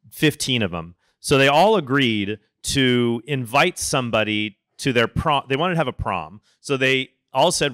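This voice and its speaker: A man in his thirties giving a conference talk, telling lively stories and acting out the voices he quotes. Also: mid-range voice, dry recording, clean studio sound. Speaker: conference speaker.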